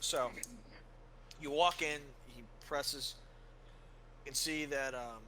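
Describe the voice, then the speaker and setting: A man narrating a tabletop game as game master, loose and full of fillers. His voice is bright and clear. There is a faint hiss behind him. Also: mid-range voice, steady tone, slow pace, rough recording. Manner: loose storytelling, many fillers.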